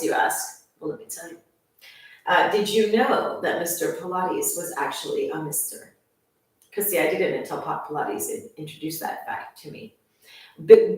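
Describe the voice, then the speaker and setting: A young woman fitness instructor who talks to her viewers in an enthusiastic, chatty way. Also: on the low side. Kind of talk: casual channel introduction. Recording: very echoey room, voice far from mic.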